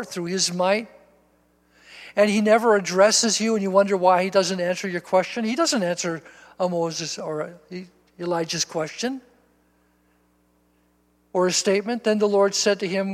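A male pastor with a fairly high voice preaches in a church sanctuary, reading scripture aloud and turning it straight to his listeners. He repeats words for emphasis, and a long reverb from the hall trails behind each phrase. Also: fairly even intonation, normal speed. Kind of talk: sermon.

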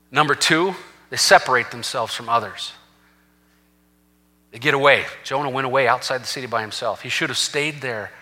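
A man's voice: medium pitch, sharp tone. A man preaching a sermon as senior pastor, telling a scripture story with acted-out quotes and rising to fervent peaks. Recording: long reverb of a large hall.

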